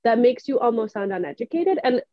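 A woman's voice: on the high side, animated, fairly quick, dry recording. A young woman with a New Hampshire accent chats and tells stories on a podcast, laughing easily. Her voice comes through somewhat muffled and close, with no room sound. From New England. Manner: chatty storyteller, laughs often. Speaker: podcast co-host. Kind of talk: casual chat.

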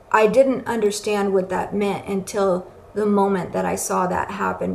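A woman shares an earnest, emotional personal testimony as a recovery speaker, her medium-pitched voice carrying vocal fry. The room is echoey, with faint ambience.

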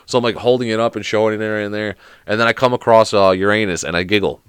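Sick young dude rambling solo on a podcast, cussing nonstop, dry close sound. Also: male voice, fairly low pitch, fairly even intonation, quick pace, a bit bright, smooth, dry recording. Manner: swears constantly, rambling anecdotes with laughs. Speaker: podcast host. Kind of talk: solo casual chat.

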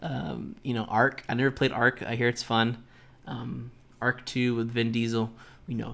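A man's voice: medium pitch, flat delivery, moderate pace, gravelly, a bit bright, slight background noise. A man hosting a podcast alone, speculating in a casual, loose way. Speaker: podcast host. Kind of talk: solo podcast commentary.

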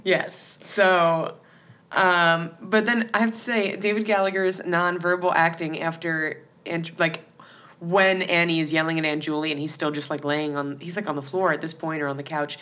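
A woman co-hosting a podcast chats casually about a TV episode, laughing often and acting out the characters' lines. Her voice is lowish and fairly bright, with a steady tone at normal speed.

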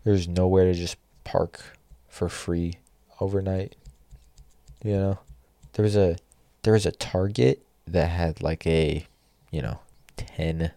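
Brief: young male podcast host, very low voice, dry close sound, profane exasperated rants. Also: dark tone, no room sound. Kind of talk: solo podcast rant.

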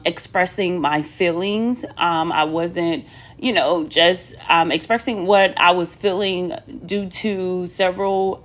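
A woman's voice: fairly low pitch, fairly bright tone. A woman talking candidly to viewers in a casual personal vlog, chatty, with many ums and asides to "y'all". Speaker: vlogger.

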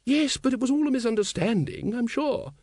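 A male narrator putting on a big-hearted aristocratic dragon breeder, flustered and awkward, voiced high and lively. She speaks in a hearty rush for an audiobook. The sound is close and dry. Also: brisk, dry recording. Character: gruff, aristocratic large woman, dragon breeder.

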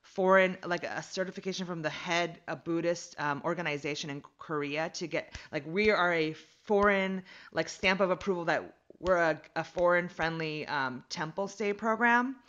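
Woman guest, comedian, bright forceful voice, slightly lower pitch, dull lo-fi recording. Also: moderate pace, hardly any pauses. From United States. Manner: animated and rambling, many fillers. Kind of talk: casual storytelling chat.

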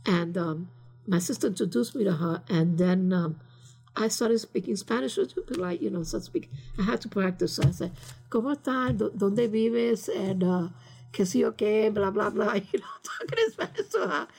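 A woman's voice: medium pitch, very animated, moderate pace, vocal fry, a little mellow, breathy edge. An older woman being interviewed, telling stories casually in a rambling way, full of fillers and slipping into Spanish phrases. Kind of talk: casual storytelling.

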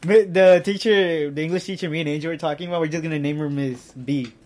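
A teenage man in casual chat, complaining about school in an animated, quick-moving way. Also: on the high side. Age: teens. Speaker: co-host.

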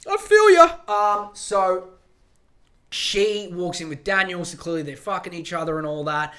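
A man's voice: high voice, lively intonation, unhurried, bright, forceful tone. A man hosting a podcast alone, ranting in a profane, rambling, emphatic way. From Australia. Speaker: podcast host. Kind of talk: solo podcast rant.

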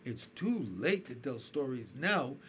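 A man doing a slow, scornful old grasshopper. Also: medium pitch, sing-song, a bit bright, a little hiss or hum. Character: old stern male giant grasshopper. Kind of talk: children's storybook reading.

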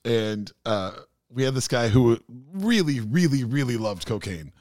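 A man hosting a casual podcast chat, telling a story in an animated way and acting out the people in it. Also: medium pitch, measured pace, no room sound, studio quality. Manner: animated storyteller who acts out quoted people. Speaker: podcast host.

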